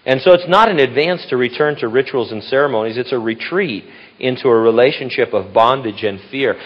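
Older guy preaching real casual, rambly asides, medium pitch, kinda dull lo-fi sound. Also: a little fast. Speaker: pastor. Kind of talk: conversational sermon. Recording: dull lo-fi recording.

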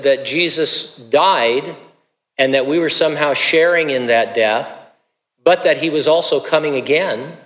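A man's voice: mid-range voice, a bit bright, long reverb tail. A male pastor preaching a sermon in a casual, conversational way, with stammered restarts.

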